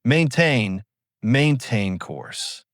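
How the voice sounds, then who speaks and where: A man's voice: medium pitch, lively intonation, drawn-out words, dry recording, clean studio sound. A man voicing a broken ship captain whose voice has gone hollow and weak.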